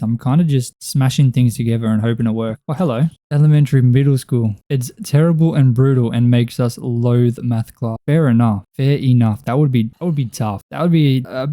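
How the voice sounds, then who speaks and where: A man's voice: mid-range voice, warm tone, no room sound. A young Australian man casually chatting on a game stream, reading chat aloud and talking to himself as he builds. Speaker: gaming streamer. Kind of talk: casual live-stream chat while playing.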